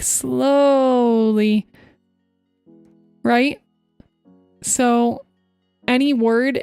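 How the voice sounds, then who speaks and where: A young woman streaming as a VTuber, talking fast and chatty to her chat while giving voice tips. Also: fairly high pitch, a little mellow, clear, resonant tone, no echo. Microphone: close desk microphone.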